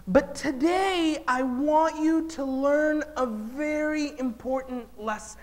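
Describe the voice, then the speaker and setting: A man voicing a kind old man in a children's story, speaking slowly and solemnly in a hushed voice. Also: extremely high pitch. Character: kindly wise old man, gentle and slow.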